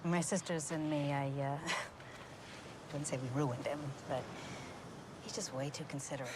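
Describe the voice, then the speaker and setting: An actress playing a reflective woman in a film scene, talking quietly. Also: low-pitched, measured pace. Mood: wry. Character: reflective adult woman, a sister. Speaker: film character. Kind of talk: naturalistic film acting. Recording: film soundtrack with loud background noise.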